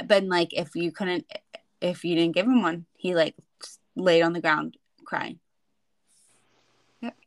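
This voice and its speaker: A woman, a podcast co-host, chatting casually with quick asides and many short replies as a listener. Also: lowish voice, fairly even intonation, dry recording. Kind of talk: casual chat.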